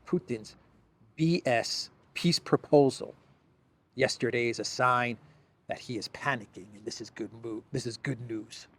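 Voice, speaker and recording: A man's voice: mid-range voice, creaky. A man hosting a solo political commentary, sarcastic and mocking, laughing often and acting out quotes in silly voices.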